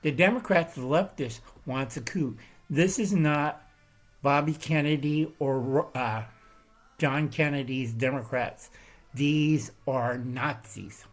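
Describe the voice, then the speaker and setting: Slow-paced and somewhat high-voiced, a male channel host works through an emphatic, meandering political monologue. He keeps pausing to ask his audience "Okay?" or "All right?"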